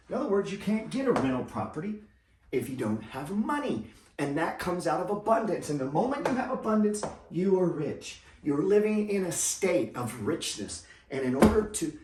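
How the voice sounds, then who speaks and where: A man's voice: a little high, big pitch swings, normal speed, darkish tone, distant mic. A man giving a blunt, slangy motivational monologue as a money coach, emphatic and repetitive. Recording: echoey room, voice off the mic.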